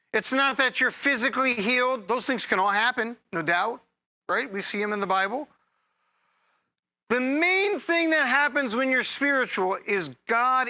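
A man preaching a sermon as a pastor, conversational and humorous, with energetic bursts of emphasis. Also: very high-pitched.

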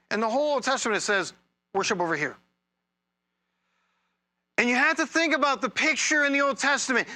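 A male pastor preaches a sermon in a conversational, humorous way, punctuated by energetic bursts of emphasis. His voice is very high.

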